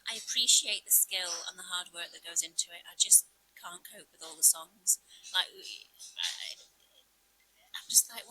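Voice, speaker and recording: A woman's voice: fairly low pitch, a little slow, pushed and bright, husky, rough recording. A woman co-hosting a podcast, chatting casually in a cafe with wry, dry humour. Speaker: podcast co-host. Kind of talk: casual chat.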